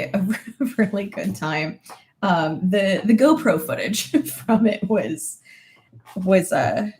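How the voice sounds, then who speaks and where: A woman's voice: mid-range voice, darkish tone. A woman in her thirties chatting casually with her viewers, laughing often and swearing now and then. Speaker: vlogger reading viewer comments. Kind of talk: casual chat.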